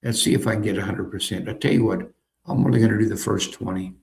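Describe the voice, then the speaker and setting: Gravelly chatty man demoing software. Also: fairly low pitch, fast talker. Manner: chatty, repeats phrases, thinks aloud while clicking. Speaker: software demonstrator. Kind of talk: casual screen-recorded tutorial.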